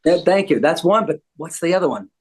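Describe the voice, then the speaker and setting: A man's voice: fairly high pitch, lively intonation, fairly quick, slightly rough. A joking older man from the United States, talking casually as a guest. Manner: joking, wisecracking. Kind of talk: casual chat.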